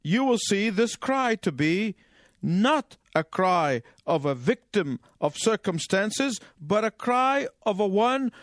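High-voiced male preacher, dry close sound. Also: very animated, dry recording. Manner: measured, emphatic, pausing for translation. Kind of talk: sermon with interpreter.

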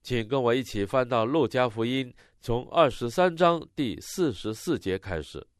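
A man interpreting a sermon line by line, expressive and rising on the quoted cries. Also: mid-range voice, moderate pace, dry recording, studio quality.

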